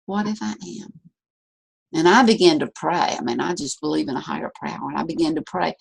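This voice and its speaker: A woman leading a discussion, sharing a personal story in an earnest, searching and soft-spoken way, often repeating her phrases. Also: low-pitched, fairly quick, gravelly, husky. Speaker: discussion leader.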